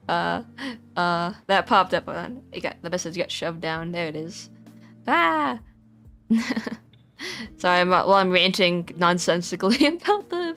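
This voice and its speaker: A woman's voice: lowish voice, a bit bright. Giggly, rambling streamer woman. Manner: rambling, giggly, many restarts. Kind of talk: casual live-stream chat.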